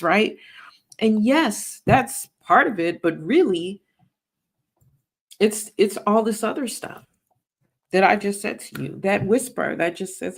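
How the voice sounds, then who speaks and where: This podcast host and Christian finance teacher has a mid-range voice with lively intonation, vocal fry and a breathy edge, speaking a little slowly. She preaches emphatically about faith and money, repeatedly asking listeners "right?"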